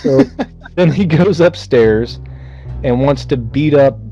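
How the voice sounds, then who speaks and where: A man's voice: mid-range voice, slow pace, lo-fi sound, soft background music. Profane man retelling a movie scene by scene. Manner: profane, animated retelling with mocking voices. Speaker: podcast co-host. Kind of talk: casual movie-recap chat.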